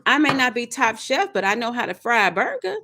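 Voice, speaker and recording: A woman's voice: a little high, sing-song, a little fast, background noise. Woman tarot reader, preachy affirmations, repeats herself for emphasis. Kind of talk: motivational self-talk monologue.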